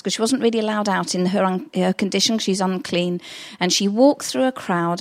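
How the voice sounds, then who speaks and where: A middle-aged woman delivers a sermon at a middle pitch. She tells stories in a conversational, earnest manner, as if chatting with her congregation. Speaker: pastor.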